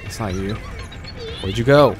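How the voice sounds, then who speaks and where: A man streaming a horror game, reacting loudly and jumpily with frequent cursing and laughter. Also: on the low side, normal speed, slight background noise. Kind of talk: live gameplay commentary. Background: game music.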